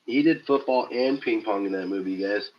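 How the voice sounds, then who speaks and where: Low-ish dude with a stuffed-up nose, loose and jokey on a stream, swears a bit, audio kinda dull. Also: male voice, normal speed, slight background noise. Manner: loose, joking, swears freely. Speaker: livestream host. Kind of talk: casual live-stream chat reading viewer comments.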